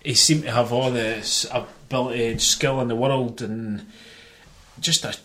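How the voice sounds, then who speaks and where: A man with a Scottish accent, co-hosting a casual football podcast, animated and laughing often, with the odd swear word. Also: medium pitch, unhurried. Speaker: podcast co-host.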